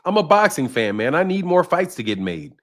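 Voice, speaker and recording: Very animated and a bit bright, this man's slightly high voice moves a little fast as he chats about boxing on a livestream. He reads the chat aloud, answers people by name, and repeats himself a lot in a casual, conversational manner.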